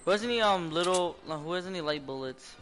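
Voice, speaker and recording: A man chatting casually with friends while playing a game, excitable and joking as he calls out to his teammates. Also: sits high, fast talker, music in the background. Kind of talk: casual gameplay chat with friends.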